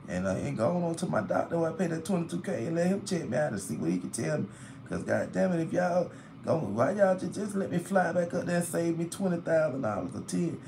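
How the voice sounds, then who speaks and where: A man on a casual phone live stream from a hospital room chats with commenters and gripes loudly about hospital bills. His voice is on the high side, weary and gravelly, with a faint hiss under it.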